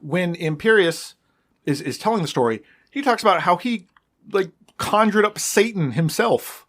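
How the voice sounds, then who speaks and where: A man's voice: high voice, animated, moderate pace, a bit bright. A man co-hosting a podcast, explaining his points in a laid-back way in casual chat. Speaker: podcast co-host.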